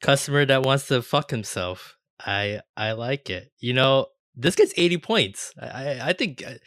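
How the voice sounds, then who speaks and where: A man's voice: mid-range voice, lively intonation, measured pace, fairly bright tone, no room sound, clean studio sound. A man hosting a casual roundtable podcast. He stammers, repeats words and swears often. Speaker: podcast host.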